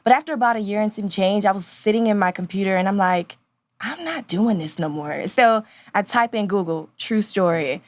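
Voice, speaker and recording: A woman from New Orleans in her thirties, a news anchor talking as a podcast guest, confident and animated, laughing often. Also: medium pitch, fairly quick, few pauses. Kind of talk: casual podcast interview.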